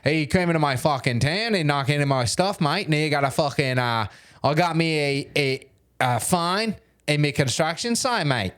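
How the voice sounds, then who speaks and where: A man voicing an angry, rough male construction worker with a put-on Australian accent, cursing through a profane rant. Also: a little high, expressive, normal speed, fairly bright tone. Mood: griping. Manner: profane ranting.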